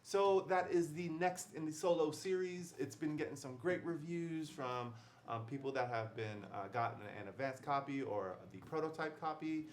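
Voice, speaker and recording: A man's voice: a little high, moderate pace, slight background noise. Upbeat man hosting a game livestream. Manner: chatty and upbeat, with fillers and laughs. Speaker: livestream host. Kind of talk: casual livestream unboxing chat.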